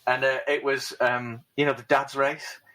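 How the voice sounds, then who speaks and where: A man with a partly Liverpool accent co-hosting a podcast in casual chat, animated and self-mocking, laughing often. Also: mid-range voice, normal speed. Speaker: podcast co-host.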